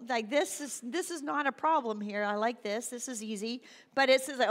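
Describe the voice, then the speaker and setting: A middle-aged woman pastor preaching a sermon in a church, animated and self-deprecating, acting out little voices. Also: on the high side, moderate pace, hardly any pauses. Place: church sanctuary. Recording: long hall reverb.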